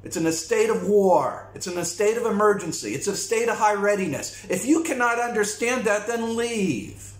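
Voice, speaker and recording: A man's voice: high-pitched, animated, moderate pace, hardly any pauses. A man delivering a blunt, repetitive, profane rant to camera as a vlogger. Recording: echoey room.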